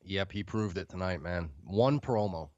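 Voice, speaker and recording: A man's voice: deep voice, unhurried, darkish tone, no echo, lo-fi sound. A man co-hosting a casual podcast, asking questions and agreeing with short yeps. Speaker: podcast co-host. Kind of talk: casual wrestling chat.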